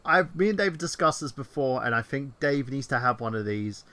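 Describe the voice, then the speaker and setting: A man co-hosting a casual online chat show, rambling excitedly and swearing freely. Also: medium pitch, normal speed. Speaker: podcast co-host.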